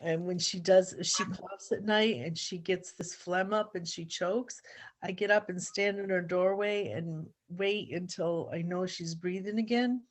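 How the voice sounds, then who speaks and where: A woman's voice: fairly low pitch, fairly even intonation, unhurried. A woman caller on an online healing session, chatting openly and laughing between words. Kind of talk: casual chat on an online call.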